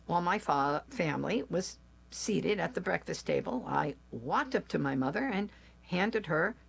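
A woman, likely older, telling a personal family story aloud in a slow, gentle, measured way. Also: on the low side, lively intonation, gravelly, slightly rough.

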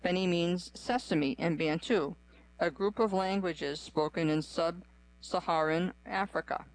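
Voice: mid-range voice, measured pace, low-quality recording. A narrator giving a scripted, evenly read-aloud run through a list.

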